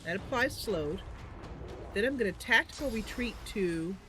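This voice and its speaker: A woman's voice: mid-range voice, expressive, moderate pace, pushed and bright, a little hiss or hum. A woman streaming a game, chatting and muttering her plans to herself as she plays. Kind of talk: thinking aloud while playing.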